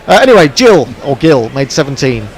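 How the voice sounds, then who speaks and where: A man doing relaxed ball-by-ball cricket commentary on an internet radio stream, chatty and dry, with plenty of fillers. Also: medium pitch, a little fast. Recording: faint background noise.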